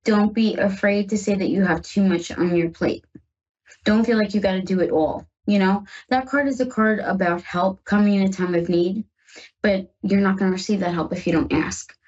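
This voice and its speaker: A woman with a husky, slightly breathy voice hosting a psychic call-in radio show. She chats warmly to her listeners and reads tarot cards for callers. The sound is a little dull and muffled, like a radio broadcast. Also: medium pitch, fairly even intonation, normal speed. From northern United States. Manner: chatty and reassuring, addresses listeners as guys. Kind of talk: live call-in tarot reading.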